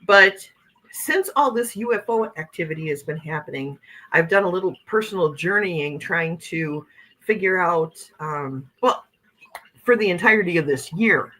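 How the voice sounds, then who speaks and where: Her voice leans low and fairly bright, with lively intonation at a normal speed, captured on a rough recording. The livestream host chats in a loose, rambling way, reads out comments from viewers, and keeps saying "okay" and "you know what I'm saying."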